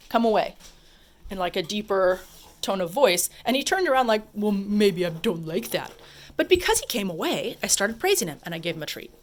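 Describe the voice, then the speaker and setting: Chatty woman dog trainer explaining. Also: medium pitch. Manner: chatty, explains while calling to her dogs. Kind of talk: casual commentary over video.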